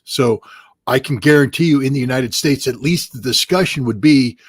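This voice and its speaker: Male commentator, husky tone, dead-dry sound, emphatic and argumentative. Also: medium pitch, moderate pace, dry recording. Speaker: guest analyst. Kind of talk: interview commentary.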